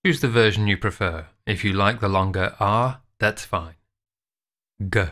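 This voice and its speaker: A man giving a scripted pronunciation tutorial, sounding out words slowly and carefully. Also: fairly low pitch, a bit bright. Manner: slow, careful, drawn-out enunciation. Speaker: instructor.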